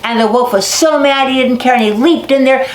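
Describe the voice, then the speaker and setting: A woman telling animal folk tales to children, lively and dramatic, stretching words for effect. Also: high voice, brisk, a little hiss or hum. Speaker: storyteller. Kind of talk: storytelling to children. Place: basket making barn. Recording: echoey barn recording.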